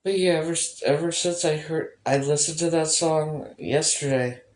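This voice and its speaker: A woman's voice: sits low, moderate pace, a little mellow. A woman vlogging in casual personal chat, rambling and emotional, swearing often. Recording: echoey room.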